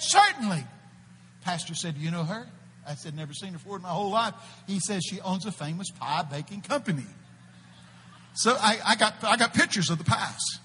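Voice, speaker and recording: A husky, forceful man with a drawl preaches in an animated, folksy way. His fairly high voice bursts into loud proclaiming and then sinks to a hushed murmur. The sound carries the long echo of a church hall. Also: fairly quick. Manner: animated, folksy, shouts out quoted prophecies, swings between loud and hushed. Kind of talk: sermon with storytelling.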